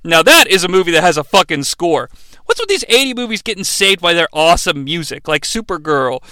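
A man riffing sarcastically through a bad movie in a lively, profane comedic review. His voice is high and bright, and it swings a lot in pitch. It is recorded close in a dry space. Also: fairly quick, clean tone, no room sound.

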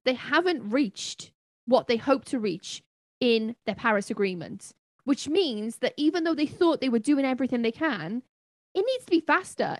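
A woman co-hosting a podcast, her voice sitting a little high as she talks in a chatty, impassioned, rambling way. The sound is close and dry, with no room around it. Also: no echo. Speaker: podcast co-host. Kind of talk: casual podcast chat.

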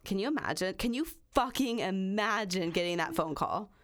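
A woman's voice: medium pitch, expressive, normal speed, a bit bright. A woman hosting a true crime podcast, reading a long passage aloud and then chatting casually, swearing freely. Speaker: podcast host.

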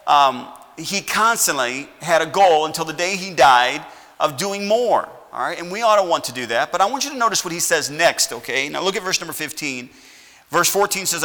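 A man's voice: a little high, bright, forceful tone, in a large hall. A middle-aged man preaching a sermon as pastor, folksy, often checking in with "all righty?". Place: church sanctuary.

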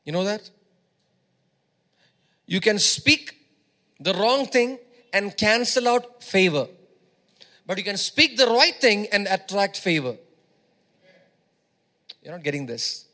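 A man's voice: high-pitched, very animated, slow, long pauses, bright, forceful tone. A male preacher giving a sermon, emphatic, repeating phrases and urging his congregation on.

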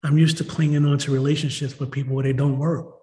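A man's voice: mid-range voice, level tone, fast, mellow. A man, giving a rambling, emotional personal testimony at a recovery meeting, full of "you know" and "like.". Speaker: recovery meeting member sharing.

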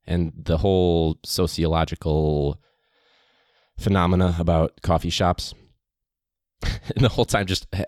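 Deep-voiced chatty male podcast host. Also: no room sound, studio quality. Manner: chatty, rambling, many fillers. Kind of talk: casual podcast monologue.

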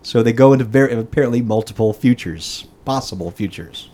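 A man's voice: medium pitch, a little fast, warm tone. A man hosting a casual podcast, reading news items aloud and adding sarcastic asides. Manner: reads headlines with sarcastic asides. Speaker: news segment host.

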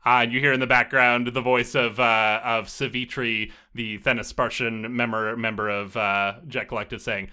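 A man narrating as game master in a relaxed, rambling way. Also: medium pitch, normal speed, hardly any pauses, clear, resonant tone.

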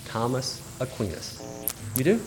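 A man preaching a sermon in a conversational way, with fillers and questions to the audience, swinging from loud exclamations to quiet asides. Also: mid-range voice, very animated, a little slow, music in the background. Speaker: pastor.

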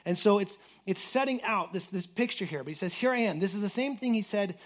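Pastor, male, slightly high voice, casual earnest sermon delivery full of restarts. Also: lively intonation, a little fast. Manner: earnest, repeats words and says "like" often. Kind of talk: conversational sermon.

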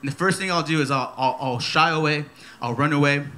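During a church service, a man in his thirties preaches with energy and a playful touch, echoing his key phrases. His voice is a little high and a little fast.

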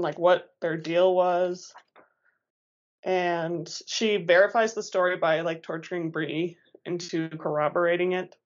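A woman chatting casually about a book with a friend and reading passages aloud, animated and quick to laugh. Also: fairly low pitch, highs cut off. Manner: chatty and animated, laughs often, says "like" a lot.

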